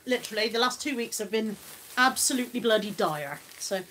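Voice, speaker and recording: A woman's voice: a little high, expressive, a little fast, a bit bright, slight background noise. A British woman hosting a casual live stream, chatting, laughing and reading out viewer comments. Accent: British English.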